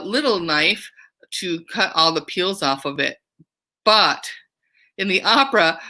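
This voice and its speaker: A young woman teaching children online as a camp counselor, playful and enthusiastic. Her voice is bright and clear, with an upbeat, easy warmth toward the kids. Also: mid-range voice. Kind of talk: online children's music lesson.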